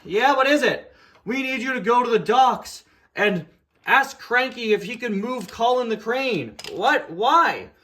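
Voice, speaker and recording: Man doing a high, urgent little engine. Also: expressive, unhurried, pushed and bright, exaggerated voice. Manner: urgent, pleading. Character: eager young male narrow gauge engine.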